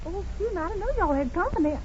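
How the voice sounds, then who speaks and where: A woman playing an excitable housemaid in a 1930s radio drama. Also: extremely high pitch, quick pace. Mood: surprised. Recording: muffled 1930s radio broadcast with faint hiss.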